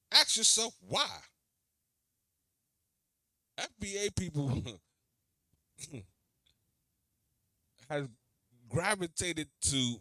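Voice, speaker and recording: A man hosting a reaction video, talking back to an interview clip in a slangy, animated way and repeating himself. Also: medium pitch, no room sound, studio quality. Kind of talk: reaction commentary.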